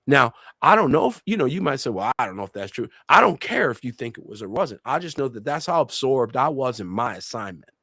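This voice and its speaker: Man, fervent preacher-style talk, repeats himself for emphasis, mid pitch, dry close sound. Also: sing-song, brisk, creaky, few pauses, bright, forceful tone, husky, no room sound. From Puerto Rico. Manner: fervent, repetitive, testimony-driven. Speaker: ministry leader on a religious talk show.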